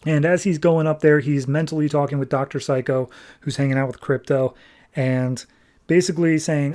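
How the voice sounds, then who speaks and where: Guy on a comics podcast going thru the plot, kinda higher voice, gets fired up over mistakes. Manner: animated, exasperated nitpicking, quick paraphrased dialogue. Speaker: podcast host reviewing comics. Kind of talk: casual recap of a comic.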